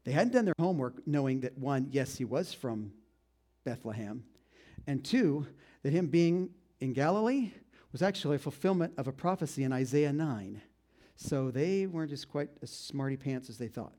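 A man preaching a sermon, retelling a story with lively, acted-out quotes and asides to the congregation. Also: medium pitch, normal speed. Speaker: pastor.

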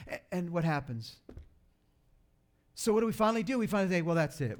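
Man preaching in a fairly high voice. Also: expressive, quick pace. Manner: conversational preaching with many restarts and acted-out quotes. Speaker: pastor. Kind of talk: sermon.

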